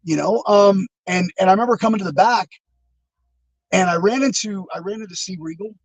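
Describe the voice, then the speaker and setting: A former wrestler, interviewed over a video call, tells rambling, reflective stories full of fillers and restarts. His voice sits high and runs a little fast, and the recording is dry and of poor quality.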